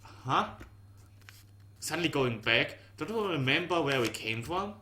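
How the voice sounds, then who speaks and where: A man voicing a frantic young man who pleads for calm and then breaks into yelling. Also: fairly high pitch, a little slow, a little hiss or hum, pitched above the performer's own voice. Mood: puzzled. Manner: urgent, pleading, breaks into shouted repeated syllables.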